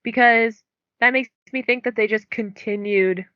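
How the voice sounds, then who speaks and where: A woman's voice: on the high side, fairly even intonation, a little slow, no echo, lo-fi sound. A young woman co-hosting a book podcast, chatting casually and filling her talk with "like". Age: young adult. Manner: chatty, many "like" fillers. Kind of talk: casual chat.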